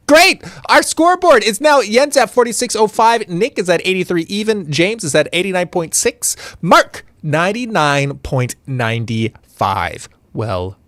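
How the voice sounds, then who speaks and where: A man's voice: high-pitched, expressive, a little slow, fairly bright tone, no echo. A man hosting a casual streamed game show, playful and laughing, with hesitant fillers.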